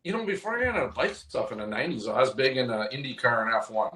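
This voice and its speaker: A man's voice: mid-range voice, very animated, rapid-fire, bright, forceful tone, echoey room, slight background noise. A middle-aged man from Wisconsin chats as a podcast guest. He talks in a laid-back, rambling way, and his stories drift as he tells them. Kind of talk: casual chat.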